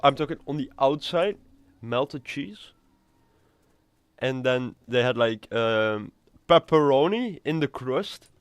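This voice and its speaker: A man's voice: medium pitch, smooth, no room sound. Man, live game commentary, chatty, swears, dry voice. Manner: chatty, rambling, swears freely. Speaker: game streamer. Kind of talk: casual live gameplay commentary.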